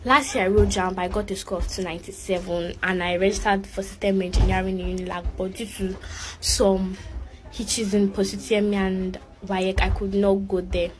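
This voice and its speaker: A woman's voice: mid-range voice, little pitch movement, moderate pace, slight background noise, low-quality recording. Composed young woman explaining. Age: young adult. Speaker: exam candidate. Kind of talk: vlog.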